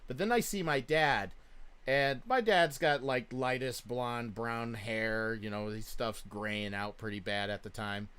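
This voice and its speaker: A man in his thirties, telling a story in casual chat, with frequent swearing and loud bursts of laughter. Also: mid-range voice, fairly even intonation, a little slow, clean tone. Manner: swears a lot and laughs loudly. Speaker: streamer.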